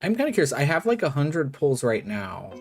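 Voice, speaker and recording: A man's voice: a little high, wildly swooping pitch, fairly quick. A man streaming a game, chatting casually and rambling with lots of filler words. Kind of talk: casual live-stream chat while gaming. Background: background game music.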